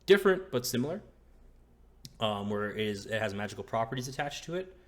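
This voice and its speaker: A man's voice: mid-range voice, big pitch swings, a little fast. A man narrating as game master in a casual, hesitant way with many fillers.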